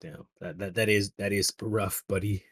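A young man in relaxed, slangy casual chat. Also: lowish voice, moderate pace, breathy edge, dry recording, studio quality. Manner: laid-back, slangy.

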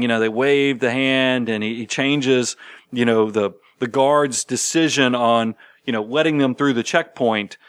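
A man with a medium-pitched voice, recorded dry, co-hosts a casual money talk show. He tells stories animatedly, acting out the quotes as he goes.

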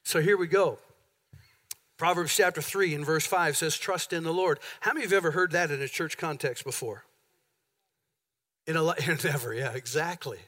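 A man delivers a sermon from the pulpit of a church, his voice high and bright. He leans hard into emphasis, piling up repeated phrases to drive each point home. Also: moderate pace, long pauses. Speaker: pastor. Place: church sanctuary.

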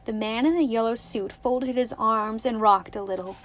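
A woman reads a novel aloud in audiobook style. Her telling is steady and expressive, and her voice sits slightly high. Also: normal speed. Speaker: narrator. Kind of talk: audiobook narration.

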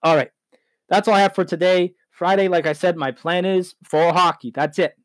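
A man's voice: high voice, steady tone, normal speed, no room sound. A man hosting a solo sports talk podcast, rambling, heated and correcting himself as he goes.

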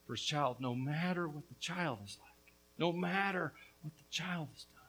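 Man, pastor, sermon, high voice, earnest, casual asides, hushed to loud. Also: normal speed, husky, poor audio. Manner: swings between hushed and loud.

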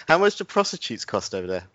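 A man's voice: fairly high pitch, pushed and bright, dry recording, dull audio. A young man co-hosting a podcast, joking and teasing his partner. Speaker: podcast co-host. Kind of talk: casual podcast chat.

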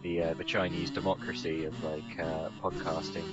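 A man's voice: low-pitched, level tone, normal speed. A man co-hosting a podcast in casual chat, teasing and jokey. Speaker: podcast co-host. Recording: dull lo-fi sound with music behind.

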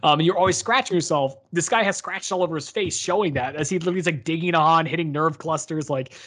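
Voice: medium pitch, fast talker, a bit bright. A podcast co-host in casual chat about a book, rambling with many fillers and restarts.

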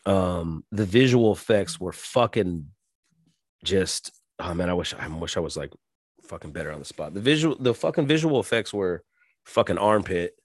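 A man's voice: low voice, lively intonation, normal speed, dry recording, clean studio sound. A man in his forties rambling crudely through a casual monologue, swearing constantly and slipping into mimicked voices. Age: 40s. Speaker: podcast host.

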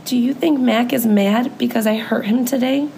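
A woman voicing a young female elephant, gentle and frightened, with an anxious, breathless manner. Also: fairly high pitch, steady tone, normal speed, vocal fry, slight background noise.

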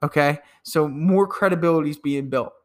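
A man giving a sales training talk, emphatic and quick to act out phone calls, often repeating words as he goes. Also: on the high side. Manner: repeats words when excited. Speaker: sales coach.

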